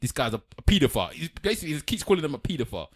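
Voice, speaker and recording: Fast animated man. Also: on the high side, husky. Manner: animated storytelling, reads out quotes. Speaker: podcast co-host. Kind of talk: casual chat.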